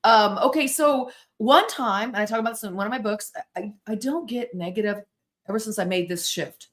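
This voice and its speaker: An American woman in her sixties talks very quickly as a podcast guest. She tells her stories in an animated way and acts out dialogue and sounds as she goes. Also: mid-range voice. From United States. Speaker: guest, spirit-board author and therapist. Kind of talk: storytelling in a podcast interview.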